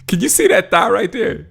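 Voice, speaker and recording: An excitable man hosting a casual livestream, his voice sitting a little high and swinging widely in pitch as he talks over clips. He laughs often between his comments, with faint music underneath. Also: vocal fry, breathy edge. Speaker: sports livestream host.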